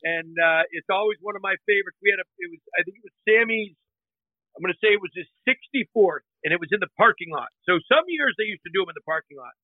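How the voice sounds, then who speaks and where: Man, casual storyteller, animated, high voice, dry close sound, phone-line tone. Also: quick pace, dry recording. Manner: animated, imitates others' voices in anecdotes. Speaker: guest.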